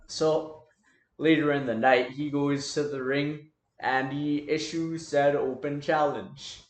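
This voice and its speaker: A man's voice: fairly high pitch, steady tone, slow, reverberant. A man casually talking through an imagined wrestling storyline as a fan booker, in a loose, rambling way with lots of filler words.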